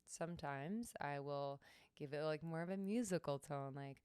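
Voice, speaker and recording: A young woman hosting a solo wellness podcast, slow and soothing at times and then brisk and emphatic. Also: deep voice, a little mellow, smooth, no echo, clean studio sound. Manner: slow, soothing guidance with hums and sung tones; breaks into brisk, emphatic pep-talk bursts. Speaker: podcast host.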